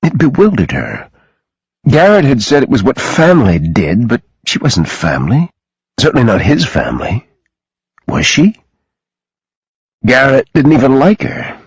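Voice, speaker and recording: A man reading an audiobook in a dramatic, expressive way, close to the mic. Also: mid-range voice, measured pace, pauses often, husky, no room sound, rough recording. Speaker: audiobook narrator. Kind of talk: scripted audiobook narration.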